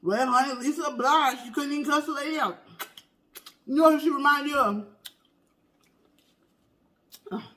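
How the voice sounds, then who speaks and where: Brief: performer as a high, bright, sassy auntie who swoops all over while dishing gossip between bites. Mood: gossipy. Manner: animated, talks between bites of food; exclamatory, drawn-out "baby", "child", "honey". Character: loud gossipy middle-aged auntie, woman. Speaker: comedy mukbang character. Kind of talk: comedic storytelling skit.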